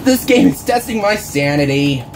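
A woman's voice: fairly low pitch, sing-song, normal speed, background noise. A woman doing exasperated, rambling horror game commentary, with game music and barking dogs behind her. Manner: exasperated, frequent groans and "bruh". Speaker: gaming channel host.

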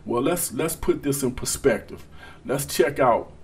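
A man's voice: mid-range voice, a little slow, a little hiss or hum. A man hosting casual boxing commentary, talking straight to his viewers with emphasis.

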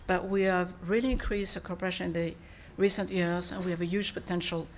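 A little hiss or hum sits under the recording of this French-accented woman, a foreign minister whose native language is French. Giving a formal speech and then fielding questions, she keeps a steady tone on the low side, measured and punctuated by frequent pauses and fillers.

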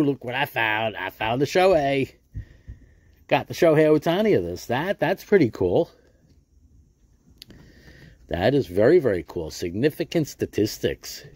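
The voice is lowish, darkish, and husky, recorded without echo. It belongs to a middle-aged American card-collecting YouTuber who jokes casually and repeats himself during a pack-opening session.

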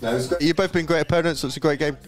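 A man's voice: a little high, rapid-fire. A young man hosting a live tournament stream, joking around and laughing easily. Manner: jokey, self-deprecating, laughs easily. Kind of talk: casual live-stream commentary.

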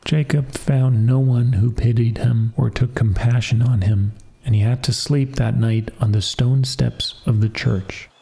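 A man calmly reading a fairy tale as a soft-spoken bedtime story. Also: mid-range voice, a little slow, gravelly, few pauses.

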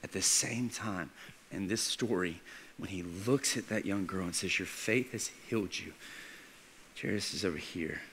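A male pastor preaching a storytelling sermon, moving between hushed narration and excited emphasis. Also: low-pitched, normal speed, slight background noise. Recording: church hall reverb.

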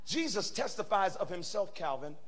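A male pastor preaching a sermon in a church, animated and swinging from quiet talk to shouting. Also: sits high, moderate pace, faint music behind. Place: church sanctuary.

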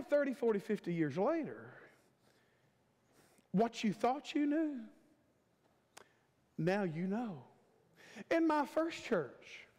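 A man in his fifties preaching a sermon as a guest preacher, with an emphatic, repetitive cadence and stretched-out words. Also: very high voice. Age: 50s. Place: church sanctuary. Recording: long church hall reverb.

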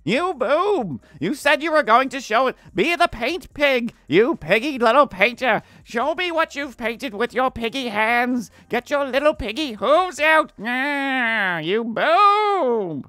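A man voicing a shrill, bossy imaginary male heckler who screeches drawn-out taunts. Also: big pitch swings, sharp tone, no room sound, studio quality, faint music behind, exaggerated voice. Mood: taunting.

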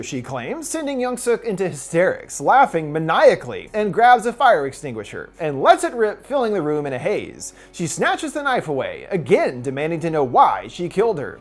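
A woman narrating a scripted film recap, walking through the plot with wry, irreverent asides. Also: on the low side.

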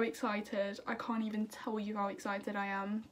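A woman's voice: medium pitch, flat delivery, normal speed, hardly any pauses. A young woman chatting to camera in a bubbly, self-deprecating way, answering viewer questions. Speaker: singer and YouTuber. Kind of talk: casual chat to camera.

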